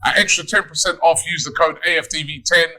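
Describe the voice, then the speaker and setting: A man's voice: a little high, quick pace. A man hosting a casual football chat show, bantering and joking with his co-hosts. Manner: lively, jokey banter. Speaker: show host.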